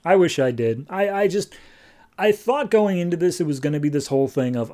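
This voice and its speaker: A man's voice: on the high side, big pitch swings, moderate pace, a little mellow. A man hosting a podcast, chatting casually as he recaps a comic book. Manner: chatty, conversational. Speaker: podcast host.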